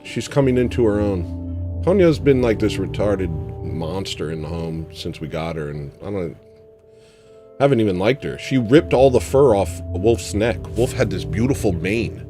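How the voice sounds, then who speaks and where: Excitable man hosting a home livestream. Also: lowish voice, moderate pace, over music. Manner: excitable, coos at newborn puppies. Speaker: livestream host. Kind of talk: casual livestream chat. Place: home with dogs.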